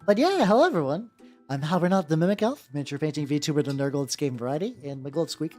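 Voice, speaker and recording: A woman's voice: deep voice, lively intonation, quick pace, warm tone, faint music behind. A woman chatting casually on a miniature painting stream, rambling with many restarts and some swearing. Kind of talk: casual livestream chat.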